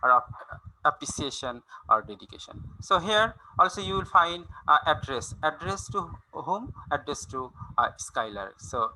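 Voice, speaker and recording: A man giving a university lecture on poetry, explaining slowly with many fillers and restarts. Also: on the high side, sing-song, sharp tone, a little hiss or hum, rough recording. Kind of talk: recorded online lecture on poetry.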